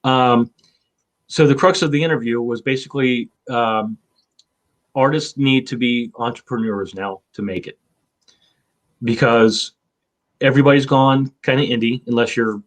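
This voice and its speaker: A man's voice: mid-range voice, fairly even intonation, unhurried, long pauses. A man in his fifties, hosting a casual chat, rambling with lots of fillers and swearing. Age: 50s. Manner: rambling, profane, with many fillers. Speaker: show host.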